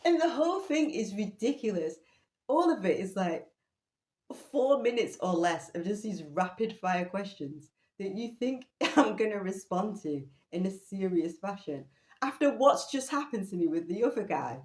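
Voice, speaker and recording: A woman's voice: mid-range voice, moderate pace. Woman telling a story, echoey room. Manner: animated, laughing, incredulous retelling. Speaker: vlogger. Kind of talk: storytelling monologue. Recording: roomy echo.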